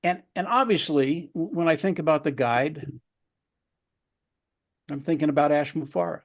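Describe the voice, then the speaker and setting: A man with a voice a touch higher than most men's tells a motivational story at a round table. He is earnest and often doubles words for emphasis. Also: normal speed.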